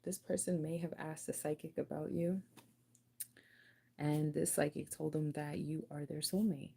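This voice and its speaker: Giggly, mellow-voiced woman card reader. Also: low voice, fairly even intonation, moderate pace, gravelly, husky. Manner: chatty, giggly, loose slangy talk; spoken to the viewer as "you". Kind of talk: casual channelled reading.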